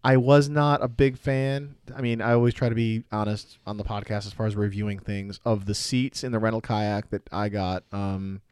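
A man's voice: lowish voice, little pitch movement, moderate pace, hardly any pauses, a little mellow, clean tone, dry recording, studio quality. A man co-hosting a podcast, chatting casually, explaining at length and joking. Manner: easygoing, explains at length, jokes. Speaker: podcast co-host. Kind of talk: casual chat with product review.

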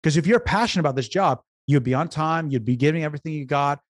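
A man's voice: on the high side, fast talker, no echo. Earnest man telling stories, dry close sound. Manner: earnest, repeats words and restarts often. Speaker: business consultant and podcast guest. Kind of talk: conversational storytelling interview.

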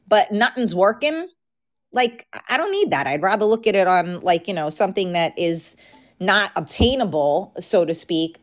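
Woman podcaster, frank casual chatter, slightly worn voice, mid pitch. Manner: frank, chatty, talks straight to listeners. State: losing her voice. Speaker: podcast host. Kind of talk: casual chat.

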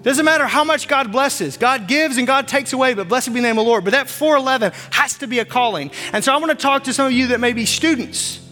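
On a church stage, a pastor in his forties delivers a fervent sermon, repeating his phrases in a very high, pushed, bright voice. He speaks quickly with hardly any pauses, over long reverb and faint music.

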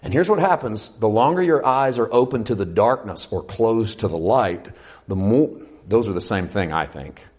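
A lowish-voiced man speaking at normal speed gives an animated sermon. Urgent, loud passages give way to hushed moments, and he acts out quoted voices while addressing questions to his listeners in the congregation.

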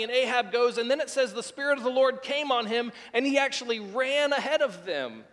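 A pastor delivers a sermon, narrating a scripture story with vivid quoted dialogue. His speaking voice sits very high for a man. The sound rings with the long reverb of a large church sanctuary. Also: expressive, moderate pace, few pauses, fairly bright tone.

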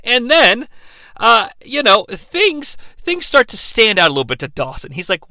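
A man's voice: high-pitched, huge pitch swings, normal speed, pushed and bright, dry recording. Sarcastic man recapping a TV episode. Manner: sarcastic, rambling, acts out dialogue. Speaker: podcast co-host.

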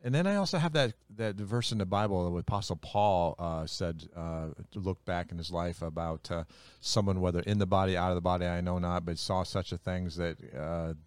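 Man, very low voice, folksy pastor co-host, joking and rambling, dry close sound. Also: fairly quick, clear, resonant tone, no echo. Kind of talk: casual podcast chat.

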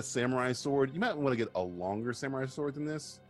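A man's voice: medium pitch, expressive, a little fast, faint music behind. A man casually riffing on a movie with a co-host, sarcastic and profane, laughing often.

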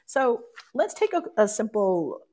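A woman's voice: fairly high pitch, big pitch swings, a little slow, warm tone. A woman speaking as a life coach, giving an earnest, explanatory motivational talk and sometimes correcting herself mid-sentence.

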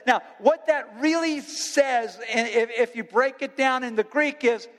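High-voiced preaching man in a reverberant hall. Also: slow. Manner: impassioned, swings from loud preaching to quiet earnest talk. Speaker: youth pastor. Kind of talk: sermon.

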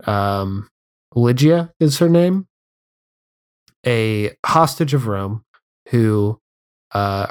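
A man co-hosting a podcast, recapping a film's plot in a relaxed, casual way with fillers and dry remarks. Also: on the low side. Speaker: podcast co-host. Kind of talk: casual film discussion chat.

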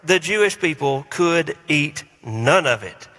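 Bright-voiced pastor preaching. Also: male voice, a little high, expressive, slow. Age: 40s. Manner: conversational, self-deprecating humor, rhetorical questions. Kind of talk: sermon. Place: church sanctuary. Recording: long reverb in a large hall.

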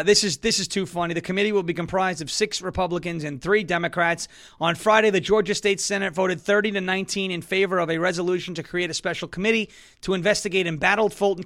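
A man hosting a casual political talk show, reading an ad and joking loudly in a mocking way. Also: high voice. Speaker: host.

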